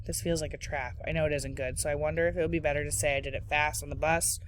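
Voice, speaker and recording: A woman teacher reading a children's novel aloud in clear, steady storytelling narration. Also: low voice, fast, slight background noise. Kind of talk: read-aloud book narration.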